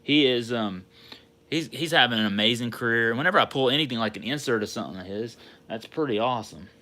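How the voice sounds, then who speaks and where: A man from Georgia with a Southern accent, hosting a casual sports card livestream and rambling excitedly to his chat. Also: mid-range voice, fast talker. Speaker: sports card channel host.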